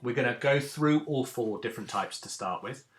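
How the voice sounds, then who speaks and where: A man teaching a recorded lesson to young schoolchildren, speaking clearly and patiently and stretching out key words. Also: medium pitch, normal speed.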